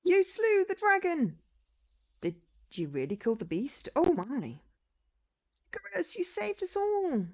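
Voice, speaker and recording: A woman voicing an excitable village woman from a visual novel, high, squealing and overjoyed, in a put-on accent. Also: takes it slowly, long pauses, exaggerated voice. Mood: excited. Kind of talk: visual novel read-aloud.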